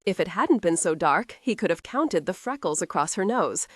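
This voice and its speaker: A woman reading a historical romance audiobook in a steady, expressive scripted narration. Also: on the low side, moderate pace, breathy edge, dry recording, clean studio sound.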